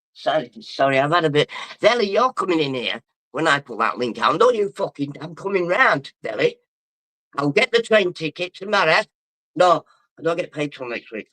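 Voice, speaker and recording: A man's voice: on the high side, pushed and bright, dry recording. Drunk, rambling man. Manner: rambling, boisterous, sweary. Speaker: livestreamer. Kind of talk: casual livestream chat, reading comments.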